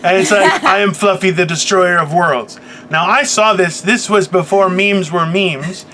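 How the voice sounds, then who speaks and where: A man co-hosting a casual morning podcast, animated and swearing freely, acting out other people as he tells stories. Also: high-pitched, unhurried, slight background noise. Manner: animated, swearing, mimics others mid-story. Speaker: podcast co-host.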